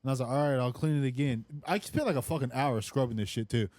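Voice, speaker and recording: A man's voice: medium pitch, quick pace, darkish tone, no echo. A young man telling a rambling story in casual podcast chat, swearing a lot and saying "like" constantly. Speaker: podcast co-host.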